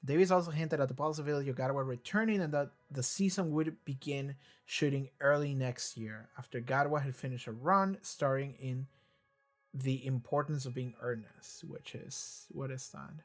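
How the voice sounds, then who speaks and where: A reaction video host talking casually and excitably, rambling and swearing often, and at times reading wiki text aloud. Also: mid-range voice, moderate pace, faint music behind. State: voice briefly cracking.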